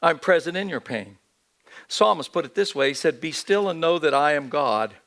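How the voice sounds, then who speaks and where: Pastor, male, higher-pitched voice, earnest sermon delivery with restarts, church setting. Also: animated, moderate pace, a bit bright. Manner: earnest preaching with repetitions and restarts. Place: church sanctuary.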